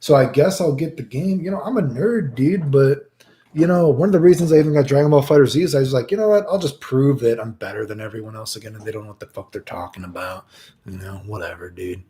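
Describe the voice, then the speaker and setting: A man chats to his stream audience in a loose, rambling way, full of swearing and filler words as he acts out his own stories. His tone is dark and mellow. The sound is roomy and echoey. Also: medium pitch, quick pace. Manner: profane, rambling, animated retelling with many filler dudes. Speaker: streamer answering chat questions. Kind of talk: casual storytelling to chat.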